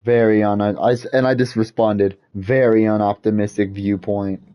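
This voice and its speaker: A man's voice: fairly low pitch, flat delivery, moderate pace, clean tone, lo-fi sound. A man streaming a game while venting in a frustrated, repetitive rant. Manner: frustrated ranting, repetitive, swears mildly. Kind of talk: casual gaming stream rant.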